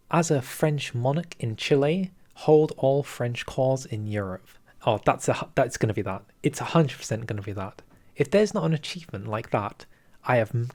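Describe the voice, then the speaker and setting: A man giving game preview commentary as a video creator, excitable, with chuckling asides and hushed, conspiratorial remarks. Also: medium pitch.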